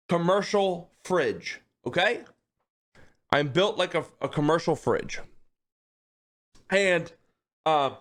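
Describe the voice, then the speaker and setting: A male streamer with a somewhat high voice tells a story to his chat, keeping it loose and animated. He swears freely, breaks into laughter, and keeps asking "okay?" to pull his viewers along. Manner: laughs often while telling the story. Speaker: livestreamer.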